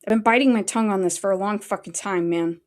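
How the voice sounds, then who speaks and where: A woman's voice: mid-range voice, fast talker. Angry, swearing woman livestreamer. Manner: angry, heavily profane. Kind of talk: livestream rant.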